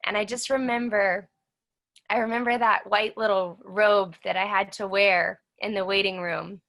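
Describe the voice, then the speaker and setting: A woman's voice: mid-range voice, fairly even intonation, moderate pace, fairly bright tone. A woman in her thirties, a guest in an interview, telling her own story earnestly and acting out what others said to her. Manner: earnest, acts out the dialogue of others.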